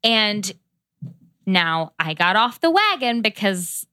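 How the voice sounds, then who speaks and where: A woman co-hosting a podcast in casual chat, playful and quick to laugh. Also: mid-range voice, big pitch swings, bright, forceful tone, clear, resonant tone, dry recording, clean studio sound. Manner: playful, laughs easily, upbeat. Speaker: podcast co-host.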